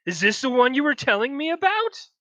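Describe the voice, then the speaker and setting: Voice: high-pitched, sing-song, brisk, pushed and bright, dry recording, pitched above the performer's own voice, heavily acted. A game master voicing a sly spirit that taunts the players in a sing-song manner. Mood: taunting.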